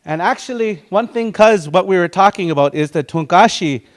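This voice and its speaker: This teacher, whose English carries a Dakota community accent, walks a language and culture class through words individually and acts out little quotes. His voice is high and expressive, at normal speed.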